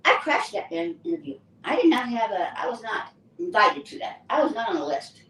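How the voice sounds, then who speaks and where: Older woman telling lively anecdotes. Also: medium pitch, a little fast. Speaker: actress and guest. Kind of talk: casual interview storytelling. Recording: roomy distant mic with faint ambience.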